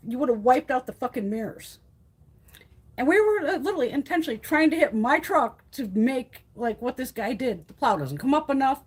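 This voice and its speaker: Husky woman telling stories with lots of swearing. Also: high-pitched, a little mellow. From Connecticut. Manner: profane, rambling storytelling. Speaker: live stream host. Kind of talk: casual chat. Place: home by a wood stove. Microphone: phone.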